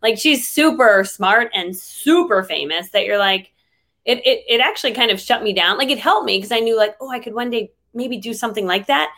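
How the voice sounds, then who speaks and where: A chatty woman with a fairly high voice talks as a guest in a relaxed interview. She fills her speech with easygoing fillers and quick laughs. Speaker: interview guest, online trainer. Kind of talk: casual conversational interview.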